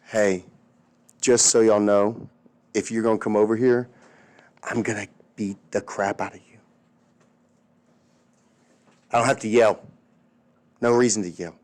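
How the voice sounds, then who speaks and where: A male teacher voicing a calm, menacing leader who threatens softly without raising his voice. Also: lowish voice, pitched below the performer's own voice, lightly acted. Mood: quietly menacing. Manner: soft, unhurried, never raises voice.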